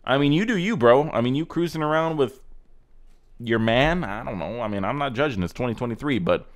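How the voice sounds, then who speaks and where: Man, host, sarcastic profane rant, casual reaction commentary, mid-pitched voice. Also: expressive, fairly quick. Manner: sarcastic, ranting, profane roasting. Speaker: host reacting to car clips.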